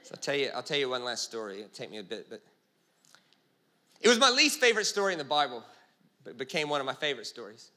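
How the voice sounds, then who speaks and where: A man preaching a comedic sermon, telling stories as an animated storyteller with quick jokes and asides. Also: medium pitch.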